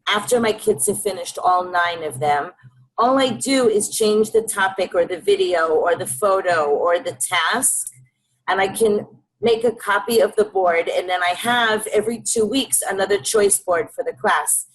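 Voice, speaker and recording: A teacher on a video call, giving brisk instructions to a colleague during a live demo. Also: female voice, mid-range voice, poor audio. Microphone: computer mic on a video call.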